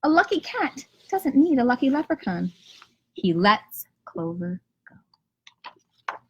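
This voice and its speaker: A kindergarten teacher reading a picture book aloud to children on a live stream from home, with lively storytelling. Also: female voice, high-pitched, takes it slowly, lo-fi sound. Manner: lively storytelling, rhymes read with bounce. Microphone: camera or phone on a live stream.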